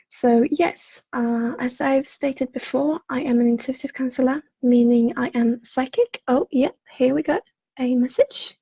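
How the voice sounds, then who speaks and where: Soft high-pitched woman with a Swedish accent. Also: steady tone, breathy edge, no echo. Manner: apologetic, soft-spoken, halting with fillers. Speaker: psychic counselor. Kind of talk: casual livestream chat. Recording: dull lo-fi livestream audio.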